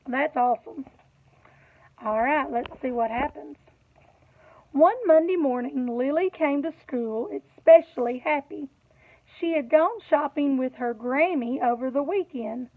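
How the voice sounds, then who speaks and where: A woman reading a picture book aloud to children, animated, pausing to ask them questions. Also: sits high. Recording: tinny phone-like audio.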